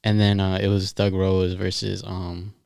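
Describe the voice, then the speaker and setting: Smooth-voiced young man telling a story. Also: deep voice, a little slow, dry recording, studio quality. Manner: animated storyteller, swearing, laughing mid-story. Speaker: podcast co-host. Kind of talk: casual chat.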